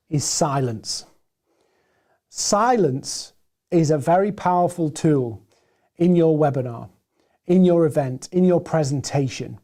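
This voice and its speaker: Hoarse man teaching a webinar. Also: fairly high pitch. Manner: animated, swings between loud and quiet with deliberate pauses. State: hoarse, gruff voice after hours of presenting. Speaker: webinar presenter and sales trainer.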